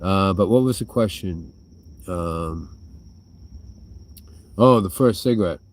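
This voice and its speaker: A man's voice: deep voice, takes it slowly. A man chatting casually to his viewers, swearing freely, trailing off and restarting, with a smoker's cough now and then. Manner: smoker's cough between sentences. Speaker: vlogger answering viewer questions.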